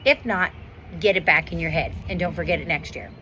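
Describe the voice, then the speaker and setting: Teacher reading outdoors in the wind. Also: female voice, fairly low pitch, sharp tone. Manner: pauses to explain words and quiz listeners. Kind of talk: reading aloud to students with commentary.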